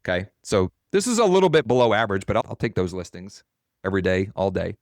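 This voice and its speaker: A man's voice: low voice, big pitch swings, quick pace, no room sound, clean studio sound. A man coaching real estate agents in a webinar, telling a story in a casual, rambling way and correcting himself as he goes.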